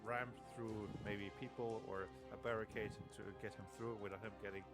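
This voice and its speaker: A man's voice: on the low side, fairly even intonation, normal speed, over loud music. A man playing in a tabletop game, describing his plans hesitantly with many fillers. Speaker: player. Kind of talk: casual tabletop play.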